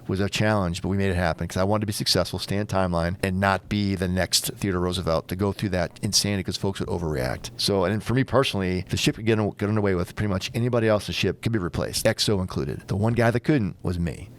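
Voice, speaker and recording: An older man with a very low voice tells stories from his years as a ship captain. He talks quickly and candidly, acting out bits of dialogue as he goes. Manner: candid, storytelling with quoted dialogue. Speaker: former aircraft carrier captain, guest. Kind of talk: storytelling interview.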